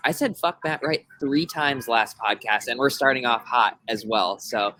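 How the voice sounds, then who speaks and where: A man's voice: mid-range voice, moderate pace, pushed and bright, a little hiss or hum, poor audio. A man co-hosting a podcast, joking playfully and laughing as he banters. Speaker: podcast co-host.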